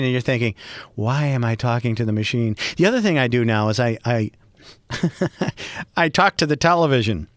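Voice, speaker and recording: A middle-aged man from Boston with a Boston accent, hosting a solo podcast and rambling with wry, self-mocking humor and bursts of mock yelling. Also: medium pitch, smooth, dry recording, clean studio sound. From Boston, USA. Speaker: podcast host. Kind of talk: freeform solo podcast monologue.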